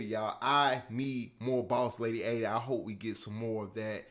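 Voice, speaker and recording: A man hosting a casual TV reaction video, talking to his viewers, swinging from quiet musing to loud excited hype. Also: on the low side, moderate pace, hardly any pauses. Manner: excitable, addresses viewers as y'all, drifts between hushed musing and loud hype.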